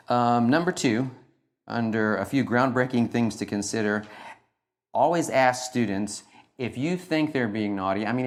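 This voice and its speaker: A middle-aged man speaking informally to an audience as a teacher, animated and self-deprecating, laughing at his own jokes. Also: lowish voice.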